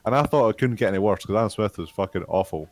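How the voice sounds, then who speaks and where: A young Scottish man rants casually to his friends in a fairly low voice, swearing freely. His tone stays exasperated and informal. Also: lively intonation, quick pace, no room sound. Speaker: tabletop game player. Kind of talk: casual chat.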